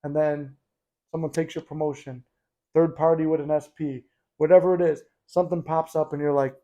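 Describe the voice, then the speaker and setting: A man's voice: a little high, flat delivery, brisk, warm tone, dull audio. A man hosting a casual motivational talk, speaking conversationally and bluntly with the odd swear. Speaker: host.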